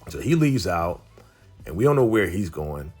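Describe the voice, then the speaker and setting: A man's voice: sits low, sing-song, normal speed, a little mellow, breathy edge, soft background music. A man casually recapping a TV episode, in a slangy, laid-back way that leans on filler phrases. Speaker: TV recap vlogger.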